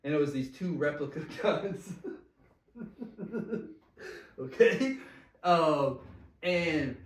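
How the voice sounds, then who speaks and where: A man with a slightly high voice tells a story, laughing and swearing. He sounds a bit off-mic, and the room around him echoes. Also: lively intonation, extremely slow, distant mic. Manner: laughs often, swears freely, slangy. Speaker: podcast guest telling a story. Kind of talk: casual storytelling.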